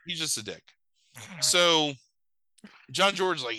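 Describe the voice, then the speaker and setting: A man casually retelling a movie plot with crude jokes, jumping into silly high voices for the characters. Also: fairly quick, no room sound, rough recording. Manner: animated, swears a lot, jumps into silly high voices for characters. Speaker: podcast host recapping a movie. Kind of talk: casual comedic chat.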